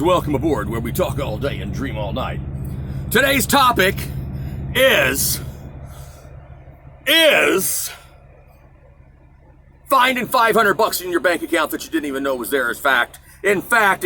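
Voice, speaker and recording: Middle aged guy from kansas rambling on his own show, bright forceful voice, swings his pitch a lot. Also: very animated, a little slow, a little hiss or hum. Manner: digressive, self-mocking, loses his thread. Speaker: show host. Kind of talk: casual rambling monologue.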